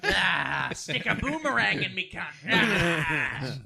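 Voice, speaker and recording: A man's voice: high-pitched, big pitch swings, slow, creaky, a loud crowd, exaggerated voice. A man putting on a mocking impression of a female Australian comedian, in a put-on Australian accent, on a comedy podcast. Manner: mocking, exaggerated, shouting "Oi".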